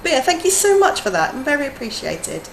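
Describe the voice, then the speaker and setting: A woman who teaches adults, chatting casually on a game live stream, talking in a chatty way, laughing often and drifting from soft to lively. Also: high-pitched, a little fast, creaky. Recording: roomy echo, faint background noise.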